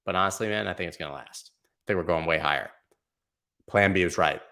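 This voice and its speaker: A man's voice: low-pitched, a little fast, bright, forceful tone. A man hosting a casual crypto livestream, chatting in slang, reading viewer comments and talking through price charts. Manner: laid-back, slangy, chatty, reads comments aloud.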